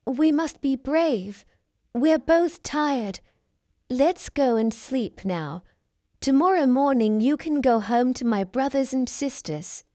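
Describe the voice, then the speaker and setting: A woman's voice: high-pitched, expressive, slow, mellow, no echo. A woman voicing a kind, brave young heroine in a storybook reading, with an earnest lifted tone.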